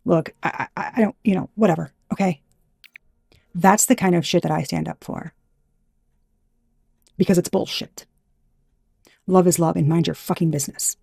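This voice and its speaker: An intuitive tarot reader with a low, gravelly, husky, darkish voice gives a casual reading, fired up and swearing freely. Her tone is steady and her pace moderate, and she's blunt, with long pauses, often trailing off and restarting. The recording is close and dry with no room sound.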